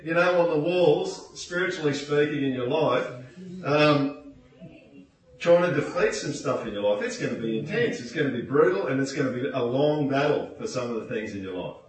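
A man preaching a sermon to a congregation in a church hall, talking in a conversational way, asking the listeners questions and acting out quoted voices. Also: a little high. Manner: acts out quoted voices in asides. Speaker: pastor. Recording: echoey hall, speaker far from mic.

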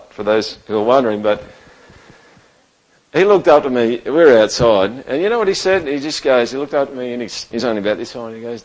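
The recording sounds dull as this pastor, medium in pitch, preaches to his church. He talks as if in conversation, often turning to the room with a "right?"

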